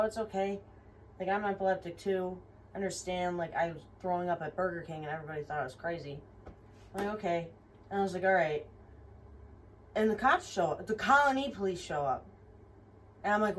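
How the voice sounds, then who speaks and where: A young woman tells a personal story in a rambling, frank way, swearing often and using many fillers. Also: lowish voice. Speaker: vlogger. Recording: somewhat distant mic with faint room noise.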